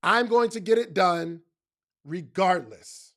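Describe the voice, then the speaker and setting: A man's voice: high-pitched, lively intonation, slow pace, a bit bright. A man giving a motivational talk in casual slang, emphatic and speaking straight to his listeners, often repeating phrases for effect.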